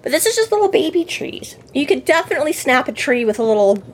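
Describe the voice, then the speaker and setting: Woman, casual book chat, rambling, lots of fillers and restarts, animated. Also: high-pitched, fast talker. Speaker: podcast co-host.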